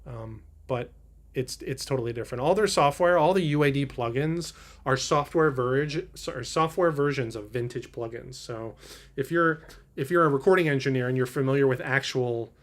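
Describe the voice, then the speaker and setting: Rambling man hosting a drum livestream. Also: mid-range voice. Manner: rambling, halting, many fillers and restarts. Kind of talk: casual livestream chat reading viewer comments. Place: home drum room. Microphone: studio mics through a preamp.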